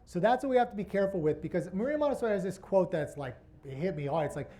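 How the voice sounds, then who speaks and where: A man's voice: high-pitched, animated, very fast, hardly any pauses, warm tone. A man presenting a workshop to an audience, asking rhetorical questions as he teaches. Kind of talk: interactive teaching talk.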